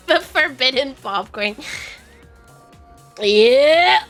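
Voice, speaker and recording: A woman's voice: fairly high pitch, takes it slowly, long pauses, pushed and bright, soft background music. A young woman VTuber streamer chatting casually, rambling and self-deprecating, often giggling.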